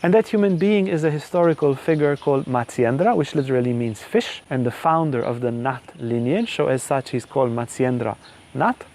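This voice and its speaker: A man who teaches yoga tells a folk tale in a lecture, in a lively, humorous storytelling manner. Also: medium pitch, brisk.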